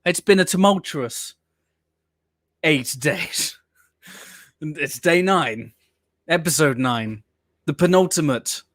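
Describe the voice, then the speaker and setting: A man's voice: a little high, expressive, slow, pauses often, fairly bright tone, no room sound, studio quality. A man hosting a casual live stream watch-along, talking in a theatrical, mock-weary way.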